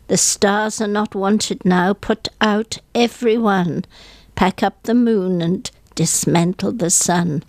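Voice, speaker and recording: A woman reading poetry as a radio guest, measured and softly solemn, at a studio microphone. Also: mid-range voice, no echo. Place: small radio studio with cameras.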